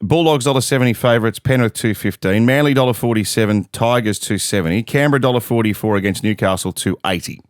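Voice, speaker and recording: A middle-aged Australian man hosting a casual sports chat, briskly running through team news and odds. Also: medium pitch, dry recording, clean studio sound. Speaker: sports podcast host.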